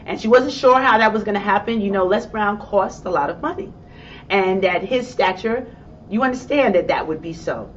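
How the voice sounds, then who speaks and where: A woman with a New York accent tells a motivational story from a stage and acts out her own excited reactions. She sounds set back from the microphone, and the recording is dull and muffled. A faint rumble hums underneath her voice. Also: moderate pace, far from the mic. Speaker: motivational speaker.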